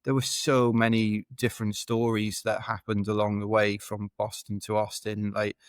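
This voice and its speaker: British male podcast guest, low flat delivery, dry close sound, rambling self-deprecating anecdotes. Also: normal speed, dry recording. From United Kingdom. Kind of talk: casual anecdotal storytelling.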